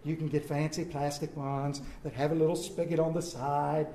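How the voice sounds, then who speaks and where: Guy preaching with a high voice, folksy storytelling, lots of questions to the crowd, echoey church room. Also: level tone, moderate pace, dark tone. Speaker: pastor. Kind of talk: sermon.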